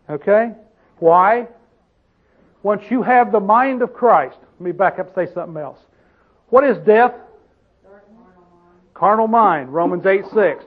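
Guy preaching a sermon, kinda high voice, sounds like a phone recording, keeps asking "right?" and "true or false?". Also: narrow, tinny audio. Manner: asks the listeners questions constantly, slows to stress scripture. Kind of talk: sermon, Bible teaching.

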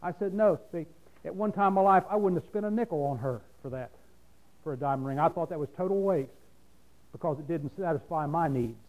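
A man's voice: on the high side, brisk, darkish tone. A preacher giving a folksy, conversational sermon, often asking his listeners "See?". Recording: dull lo-fi sound.

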